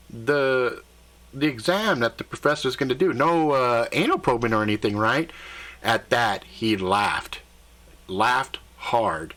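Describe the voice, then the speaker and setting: A man telling a first-person story in a conversational, animated and slightly profane way. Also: mid-range voice, unhurried.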